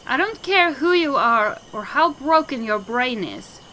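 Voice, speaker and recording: A fiery young apprentice girl, quick to anger and fiercely loyal to her teacher, scolding in a high, bright voice, as a woman acts her out. She takes her time with every angry word. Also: expressive, slight background noise, exaggerated voice. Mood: indignant. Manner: indignant, scolding. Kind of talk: game dialogue voicing.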